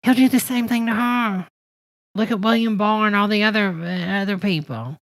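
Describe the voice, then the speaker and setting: A woman's voice: mid-range voice, moderate pace, creaky, dry recording, rough recording. A woman hosting comedic reaction commentary over a hearing clip, sarcastic and profane, calling everyone honey.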